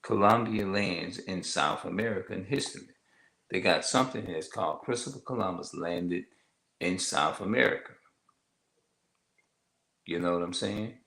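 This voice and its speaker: A man giving informal religious teaching, halting and repeating himself as he reads from notes. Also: deep voice, gravelly, fairly bright tone, reverberant, low-quality recording.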